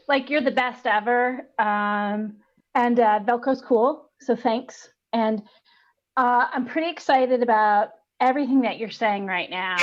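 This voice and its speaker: A woman's voice: fairly high pitch, highs cut off, background noise. A woman on a video call improvising a tired sixteen-year-old skater who hesitates and fills with ums. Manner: hesitant, filler-heavy. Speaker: improv performer.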